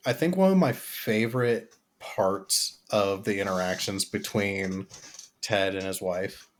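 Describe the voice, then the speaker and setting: A young man co-hosting a podcast, chatting casually and profanely, leaning on "like" as he tells stories. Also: lowish voice. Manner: profane, animated storytelling with filler "like". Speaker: podcast co-host. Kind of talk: casual chat.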